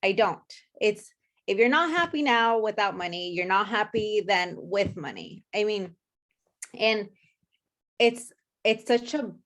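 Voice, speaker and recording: A woman's voice: mid-range voice, lively intonation, a bit bright. A woman, a newly licensed real estate agent, sharing on a group video call in an emotional, hesitant way. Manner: slow, emotional, hesitant with fillers.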